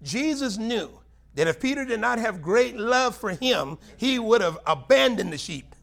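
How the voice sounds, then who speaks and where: Middle-aged man, longtime pastor; folksy, conversational preacher who jumps high and loud for emphasis. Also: normal speed, gravelly. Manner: folksy, animated preaching with sudden high-pitched bursts. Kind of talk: sermon.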